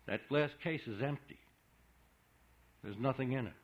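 A man's voice: mid-range voice, a little slow, dull audio, close to an everyday voice. A man voicing a blunt, skeptical man who speaks curtly and insistently. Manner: curt, insistent.

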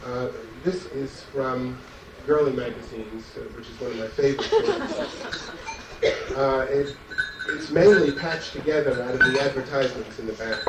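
A man's voice: mid-range voice, very animated, normal speed. A man giving a live poetry reading, chanting his lines rhythmically with wry asides between poems. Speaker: poet. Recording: echoey room, distant mic, background noise.

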